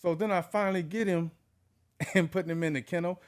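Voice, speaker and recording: A middle-aged man, a dog breeder, chatting casually as a podcast guest and telling lively stories, often saying "you know what I'm saying". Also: high voice, fairly quick.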